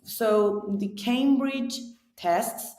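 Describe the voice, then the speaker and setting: A woman's voice: on the high side, drawn-out words, darkish tone. A woman with a Persian accent who teaches English, answering interview questions earnestly and restarting words as she searches for them. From Iran. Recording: roomy echo.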